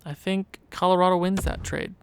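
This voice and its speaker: A man thinking aloud in casual gameplay commentary, rambling and hesitant, often restarting, then breaking into sudden excited outbursts. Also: high-pitched, normal speed, a little hiss or hum. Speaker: gaming channel host.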